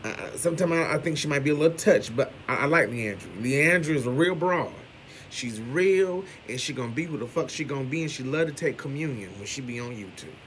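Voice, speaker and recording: A man giving loud, brash gossip commentary with heavy cursing. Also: mid-range voice, expressive, fairly quick, slight background noise. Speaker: commentary vlogger.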